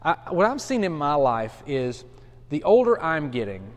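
A man's voice: fairly high pitch, big pitch swings, moderate pace. A man in his forties, a pastor, teaching a Bible study in a casual, earnest way with frequent restarts and fillers. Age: 40s. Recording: long hall reverb.

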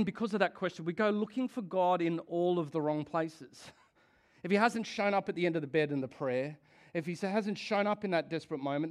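A man with a notably high voice gives a sermon to his church. He talks in a casual, conversational way, throwing questions at the congregation and laughing often. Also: darkish tone. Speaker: pastor.

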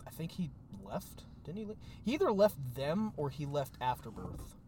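A man chatting with friends on a podcast, his voice sitting a little high. He rambles through stories, packed with fillers and casual swearing. A faint hiss runs under the recording. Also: sing-song, normal speed, a little mellow. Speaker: podcast co-host. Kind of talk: casual chat among friends.

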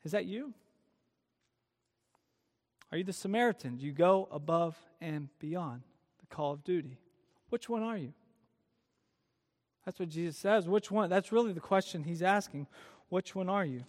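A man preaching a sermon at a youth event, retelling a story with lively emphasis and many rhetorical questions. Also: sits high, moderate pace, pauses often. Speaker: youth speaker. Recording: long hall reverb.

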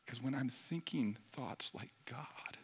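A middle-aged man preaching a sermon in a conversational way, dropping at times to a hushed near-whisper. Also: mid-range voice, takes it slowly, breathy edge. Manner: conversational, shifts between loud emphasis and hushed near-whisper. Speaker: pastor.

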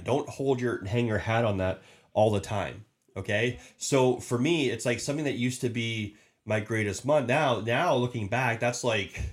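A man giving a casual motivational talk as a podcast host, emphatic and repetitive, often restarting his sentences. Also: medium pitch. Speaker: podcast host and sales leader.

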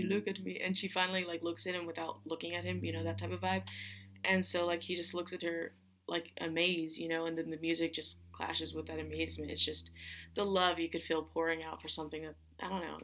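Young woman on a podcast, kinda low voice, pretty flat, lots of "like" and "um". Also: a little fast, a little hiss or hum. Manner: rambling, many fillers and restarts. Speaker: podcast host. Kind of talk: casual film recap.

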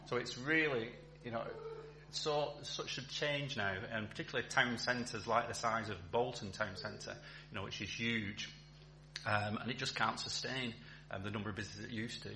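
A man's voice: mid-range voice, fairly even intonation, moderate pace, pushed and bright. A man giving a chatty church talk as a town centre chaplain, with many ums and restarts. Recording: echoey hall with faint hum.

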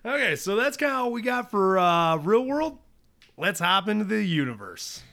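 A man co-hosting a casual podcast chat, excitable and quick to laugh, reading notes aloud between jokes. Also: high voice, creaky. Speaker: podcast co-host. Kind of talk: casual chat about a cartoon series.

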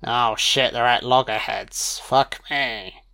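A man's voice: medium pitch, slow, creaky, bright, forceful tone. Sweary, chatty man. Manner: profane, chatty, laughs often. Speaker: film commentator. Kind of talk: casual audio film commentary.

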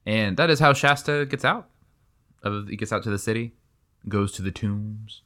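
A young man with a very low voice talks eagerly about a favorite book, rambling along with plenty of "like" and "you know." He keeps it loose and conversational with his co-host. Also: normal speed, pushed and bright. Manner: enthusiastic, rambling, lots of fillers. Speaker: podcast co-host. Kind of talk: casual book discussion.

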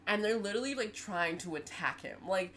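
Here a podcast co-host in her twenties speaks at medium pitch and a slightly quick clip. She's an animated storyteller in a casual chat who laughs a lot, with a bit of hiss or hum audible.

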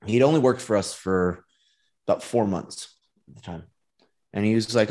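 A man's voice: fairly low pitch, unhurried, pauses often. A man, a business owner, telling stories in casual podcast talk and acting out quoted dialogue, laughing often.

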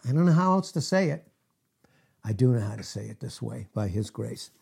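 A middle-aged man preaching a sermon as pastor, emphatic, asking rhetorical questions and swinging from loud to hushed. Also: mid-range voice, expressive, brisk, gravelly, husky.

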